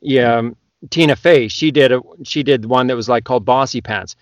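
A man with a Canadian accent, an audiobook narrator on a podcast, talks loudly and gets excited. His voice is close and dry, with no room sound. He sits at a middle pitch. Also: normal speed, no room sound. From Western Canada. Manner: loud, excitable talker. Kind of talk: casual podcast chat.

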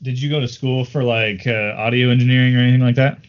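A man co-hosting a podcast who asks questions in a halting way, with fillers. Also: mid-range voice, fairly even intonation, highs cut off. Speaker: podcast co-host. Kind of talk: casual podcast chat.

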